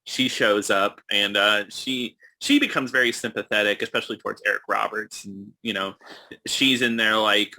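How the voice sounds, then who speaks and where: A man's voice: lowish voice, fairly even intonation, moderate pace, gravelly, sharp tone. A man co-hosting a movie podcast in casual chat, talking with enthusiasm and many fillers. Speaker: podcast co-host.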